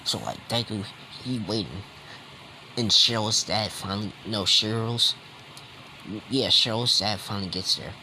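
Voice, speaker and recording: A man's voice: fairly low pitch, unhurried, noisy background. A man casually retelling a fan story, rambling and slangy with many fillers.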